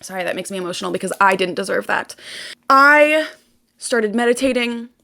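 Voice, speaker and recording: A woman's voice: medium pitch, expressive, brisk, gravelly, pushed and bright. A young woman vlogger venting to her viewers in an intense, emotional monologue, swearing and repeating phrases for emphasis.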